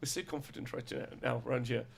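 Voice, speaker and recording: A man's voice: mid-range voice, fast talker, gravelly, husky. A man hosting a casual chat, reading rules aloud and laughing often between jokes. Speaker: podcast host.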